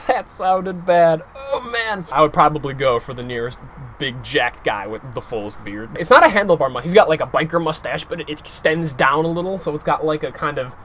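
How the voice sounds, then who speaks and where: Animated, opinionated young man reviewing. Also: fairly high pitch, a little fast, a little hiss or hum. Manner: animated, opinionated, lots of filler "like". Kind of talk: casual video review.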